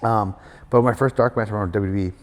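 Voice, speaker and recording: Brief: middle-aged male guest, low voice, quick talker, reverberant room. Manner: animated storyteller, acts out quoted voices, many fillers. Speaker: guest wrestler. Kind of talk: casual storytelling interview. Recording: hall reverb.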